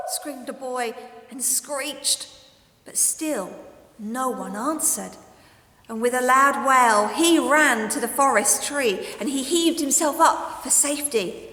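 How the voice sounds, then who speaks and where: A woman reads a story aloud to young children at a school assembly, expressive and animated. Her voice sits a little high and moves a lot. The sound rings out in an echoey room with a long reverb. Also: takes it slowly. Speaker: teacher leading a school assembly.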